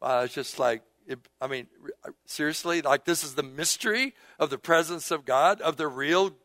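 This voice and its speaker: A man preaching a sermon as pastor, reading scripture aloud and calling out to the congregation, moving between hushed and emphatic delivery. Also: on the high side, normal speed, no echo. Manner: call-and-response with the congregation.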